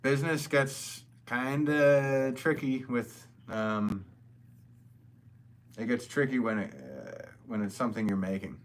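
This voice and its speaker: A man's voice: medium pitch, lively intonation, slow pace. A man, a potter hosting a livestream, talking loosely in a casual, rambling way and reading viewer comments aloud. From American Northeast.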